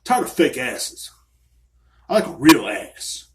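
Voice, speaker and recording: A man's voice: mid-range voice, sing-song, takes it slowly. A man hosting a solo podcast, ranting angrily and swearing constantly from a small room. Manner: angry, profane ranting. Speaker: podcast host.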